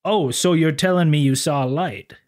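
A man voicing an overly polite, formal investigator with a smooth voice. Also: a little high, extremely slow, full character voice. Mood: courteous. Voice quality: smooth, prim, formal phrasing.

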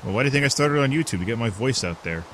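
A man's voice: medium pitch, lively intonation, very fast, a bit bright, a little hiss or hum. A man hosting a casual group game session, speaking with dry, matter-of-fact humor. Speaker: channel host. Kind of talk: casual group gameplay chat.

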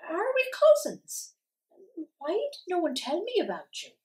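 A woman voicing a curious, lively young girl with an eager, questioning manner in a storybook reading. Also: extremely high pitch, a little slow, voice pushed up, exaggerated voice. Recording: voice from a distance.

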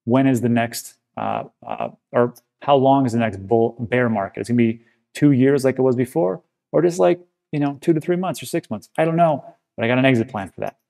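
A man's voice: mid-range voice, fairly quick, vocal fry, darkish tone. A man hosting a crypto channel, giving casual to-camera commentary in a conversational, reassuring way with frequent filler words.

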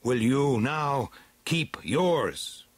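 A husky-voiced man voicing a bold beast-man warrior in a storybook reading, with forceful, slow declarations. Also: fairly low pitch, animated, no echo, full character voice. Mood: defiant.

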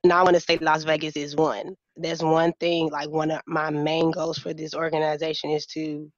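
Earnest young woman, low voice. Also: level tone, moderate pace, no echo, highs cut off. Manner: earnest, impassioned, Southern-tinged casual speech. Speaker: nonprofit founder, guest. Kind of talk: emotional interview talk.

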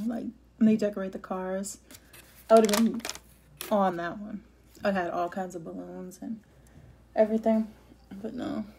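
A middle-aged woman rambling through a casual eating-show vlog. Her voice is mellow and warm, and she talks in a chatty, heartfelt way. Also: medium pitch. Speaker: vlogger.

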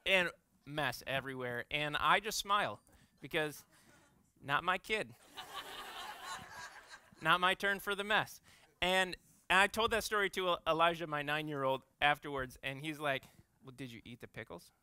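A man's voice: on the high side, unhurried, long pauses, bright, forceful tone, clear, resonant tone. A man in his thirties, an executive pastor, giving a conversational sermon full of playful, self-mocking family stories.

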